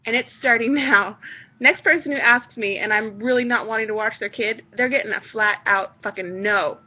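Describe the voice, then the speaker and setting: High-voiced woman in a fed-up rant. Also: fairly quick, highs cut off. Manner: profane, exasperated ranting. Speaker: vlogger, mother. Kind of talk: ranting vlog monologue.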